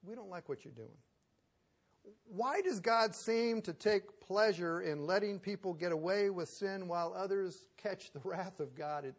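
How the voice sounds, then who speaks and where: A man preaching a sermon in a conversational way, asking rhetorical questions and swinging from loud emphasis to soft asides. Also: high voice.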